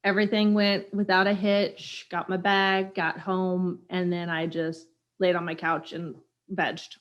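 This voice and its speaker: A woman from Kansas City hosting a podcast in casual chat, upbeat and quick to laugh. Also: on the low side, flat delivery. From Kansas City, USA. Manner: upbeat, chatty, laughs easily. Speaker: podcast host.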